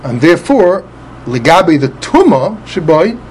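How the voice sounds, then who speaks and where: A man's voice: on the high side, sing-song, measured pace, a little mellow, a little hiss or hum. A man teaching a Talmud passage, methodically spelling out letters and often repeating words as he explains. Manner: spells out Hebrew letters and vowels with Ashkenazi pronunciation.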